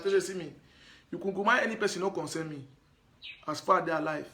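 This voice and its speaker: A man's voice: high-pitched, quick pace, pauses often, sharp tone. A man from Anglophone Cameroon with a Cameroonian Pidgin accent, talking to his viewers in a live stream monologue, emphatic and repetitive, often pleading with them. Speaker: live broadcaster.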